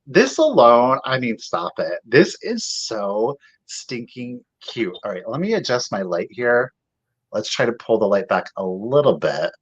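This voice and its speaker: A man's voice: mid-range voice, very animated, breathy edge. A man hosting a live online sale, chatting and gushing as he shows each item to bidders. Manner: chatty and gushing, drawn-out exclamations, addresses bidders directly. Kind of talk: live sales stream, showing items on camera. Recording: slightly dull lo-fi audio.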